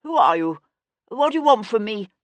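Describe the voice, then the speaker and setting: A woman voicing a frightened, spoiled young man who protests in a high, shaky voice. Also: big pitch swings, normal speed, dry recording.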